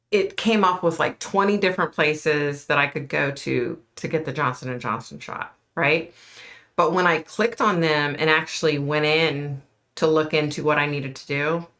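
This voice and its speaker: A woman's voice: low voice, a bit bright. A middle-aged woman hosting a casual livestream, chatting and answering viewer comments. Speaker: livestream host.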